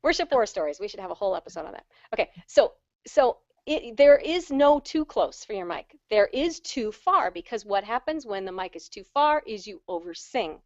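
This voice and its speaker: A woman vocal coach teaching singers on a video call, talking in a chatty, animated way and poking fun at herself. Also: medium pitch, dry recording, dull audio. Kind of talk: online webinar teaching. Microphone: handheld microphone on a stand.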